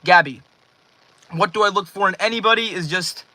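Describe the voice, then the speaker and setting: A man's voice: sits high, fairly quick, pushed and bright. A nineteen-year-old man livestreaming from his bedroom, rambling casually and thanking viewers by name as he reads out chat.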